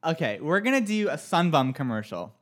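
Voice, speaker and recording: A podcast co-host in casual chat, excitable and quick to laugh. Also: mid-range voice. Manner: excitable, animated, laughing often.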